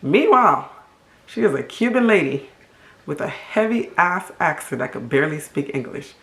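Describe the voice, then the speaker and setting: A middle-aged woman from Haiti, telling a storytime vlog story in an animated, emphatic and indignant way. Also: low voice, normal speed, gravelly. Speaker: vlogger. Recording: roomy echo.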